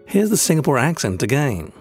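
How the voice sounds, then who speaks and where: British man narrating with lively intonation. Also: mid-range voice, fairly quick, husky, soft background music. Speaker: host and voice-over producer. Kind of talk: scripted documentary narration.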